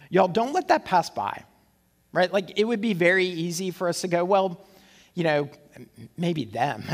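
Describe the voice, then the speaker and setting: A male pastor preaching a sermon, conversational and animated, posing rhetorical questions. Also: high-pitched. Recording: long hall reverb.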